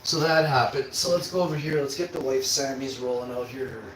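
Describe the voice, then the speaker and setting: A man's voice: mid-range voice, flat delivery, a little fast. Foul-mouthed man ranting on a livestream. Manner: profane, swearing constantly; ranting, with sudden loud outbursts. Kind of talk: casual livestream rant. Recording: roomy with faint background hum.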